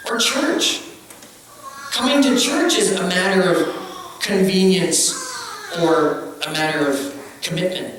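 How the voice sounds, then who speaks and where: Brief: male pastor, chatty and jokey, lively pitch, far-off mic in an echoey church. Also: a little slow, noisy background. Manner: conversational, joking, acts out quotes. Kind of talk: sermon. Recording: echoey hall, distant mic.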